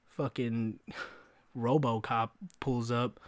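A man's voice: medium pitch, fairly even intonation, unhurried, no echo, studio quality. Rambling young man, casual podcast storyteller. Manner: rambling, laughing, acts out quoted dialogue. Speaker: podcast host.

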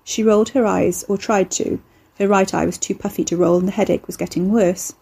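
Mellow, husky woman narrating a story. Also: mid-range voice, fairly even intonation, brisk. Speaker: audiobook narrator. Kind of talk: scripted narration.

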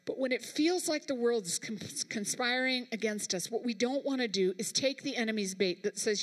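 A woman's voice: on the high side, moderate pace, few pauses. Emphatic woman preaching in a big hall. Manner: emphatic, speaks directly to the congregation. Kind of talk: sermon.

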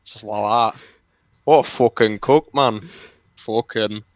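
A man's voice: on the low side, slow pace, no echo, highs cut off. A man putting on a mock British accent to play a crude, insulting young lad who swears constantly. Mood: sneering.

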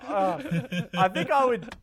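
A man's voice: sits high, lively intonation, a little slow, very noisy. A man bantering on a casual comedy podcast, cutting in with teasing quips and chuckles.

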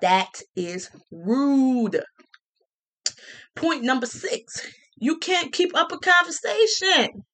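Sassy animated woman ranting. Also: high voice, slow, long pauses. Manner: sassy and animated, with mocking quoted voices; colloquial, with many restarts and repeats. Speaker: vlogger. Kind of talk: casual rant to camera.

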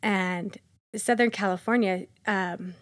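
A woman's voice: mid-range voice, steady tone, slow, no echo, clean studio sound. A woman, a podcast guest, telling her life stories in a chatty, easygoing way and laughing easily. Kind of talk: casual storytelling interview.

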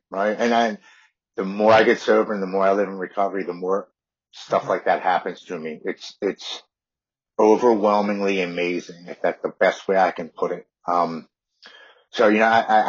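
A man's voice: deep voice, steady tone, normal speed, husky. A man in his forties, a podcast guest, earnestly telling a personal recovery story and often repeating words. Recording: dull lo-fi audio.

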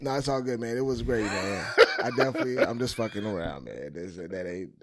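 Speaking a little fast in a lowish voice, a podcast co-host tells relaxed stories during a casual chat and laughs often. A little hiss or hum is audible.

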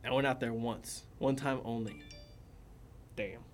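A man co-hosting a podcast, telling animated stories in casual chat and laughing often. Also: mid-range voice, unhurried, faint music behind. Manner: animated storyteller, laughs a lot. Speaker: podcast co-host.

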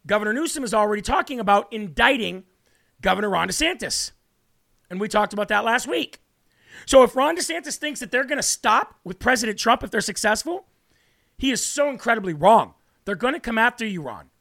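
A man hosting a political commentary show, talking combatively and emphatically straight to his viewers, and slowing down to repeat key points. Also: high voice, expressive, vocal fry, pushed and bright.

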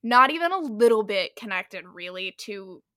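A woman co-hosting a podcast in casual chat, retelling a story animatedly with lots of "like" and quick asides. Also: mid-range voice, animated, a bit bright, no room sound, clean studio sound. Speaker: podcast co-host.

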